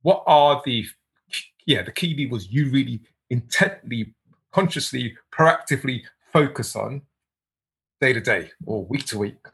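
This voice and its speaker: Male interviewer, husky voice, measured probing questions. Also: mid-range voice, animated, fairly bright tone. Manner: thoughtful, long probing questions. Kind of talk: interview conversation.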